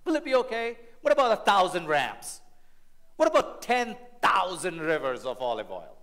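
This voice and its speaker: A man's voice: high-pitched, big pitch swings, normal speed, fairly bright tone, voice pushed up. A man playing a sarcastic, snotty lawyer. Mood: sarcastic pleading. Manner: sarcastic, pleading, exaggerated. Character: sarcastic, snotty male defense lawyer pleading.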